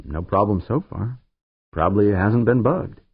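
A man's voice: fairly low pitch, unhurried, breathy edge, no echo. A man narrating an audiobook voices a brash, confident young woman pilot in a raised, breezy voice. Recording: narrow phone-like sound, dry.

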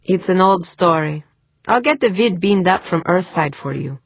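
A woman's voice: lowish voice, animated, moderate pace, slightly rough, no echo. A woman voicing a wry, joking young man in a novel, in a dull, dry recording.

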